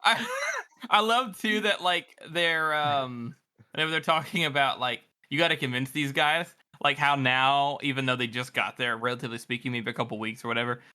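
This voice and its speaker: Male co-host, casual and teasing, very bright tone, halting delivery. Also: mid-range voice, smooth. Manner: jokey, teasing, halting with fillers. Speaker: podcast co-host. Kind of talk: casual chat.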